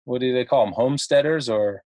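A man's voice: medium pitch, a little fast, darkish tone, no echo. Chatty man from Ohio telling stories. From Ohio, United States. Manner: chatty, laughs often, many fillers and restarts. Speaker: podcast guest. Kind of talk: casual storytelling.

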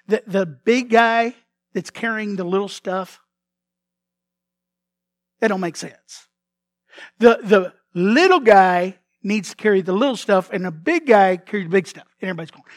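A man preaching a sermon as pastor, telling the story in a lively way, acting out the figures' lines and often repeating words as he restarts. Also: high voice, normal speed, dry recording. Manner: animated storytelling, acts out characters' lines.

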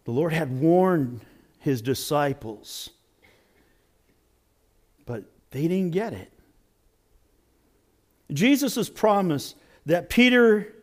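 A man pastor preaching a sermon in an animated, conversational storytelling way. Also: a little high.

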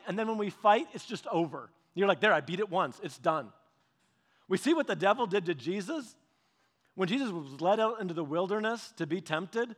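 A man preaching a sermon, telling stories with lively repetitions and restarts. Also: sits high. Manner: animated storytelling with repetitions and restarts. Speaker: pastor. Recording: long hall reverb.

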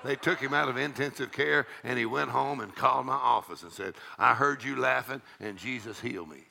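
A middle-aged man preaching a charismatic sermon, breaking into loud shouts and rhythmic laughter. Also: medium pitch, fairly quick, vocal fry, noisy background.

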